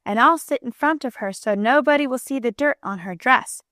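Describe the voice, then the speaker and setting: A woman voicing an earnest, excited little boy in a storybook. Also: a little high, normal speed, no room sound, clean studio sound, close to an everyday voice. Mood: eager.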